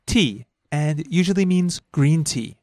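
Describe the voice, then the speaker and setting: A man's voice: animated, takes it slowly, a little mellow, no room sound, studio quality. A man hosting a casual language lesson, explaining words with an easy, joking manner. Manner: chatty, laughs easily, explains pitch accent.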